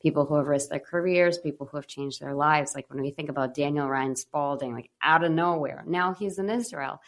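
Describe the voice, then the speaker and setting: Low voiced lady hosting a podcast, upbeat n encouraging. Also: brisk. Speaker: podcast host. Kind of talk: casual interview.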